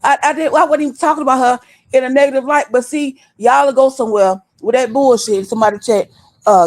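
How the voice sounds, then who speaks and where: A woman's voice: high voice, fairly even intonation, a little fast, a little mellow. A woman over thirty-five, host of a livestream, scolding her viewers bluntly and with a lot of cursing. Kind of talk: heated livestream rant. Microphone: desktop stream mic.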